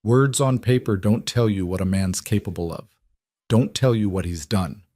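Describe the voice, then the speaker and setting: A man's voice: fairly low pitch, moderate pace, warm tone, no echo, clean studio sound, lightly acted. A man voicing an older bearded frontiersman who speaks in a grave warning.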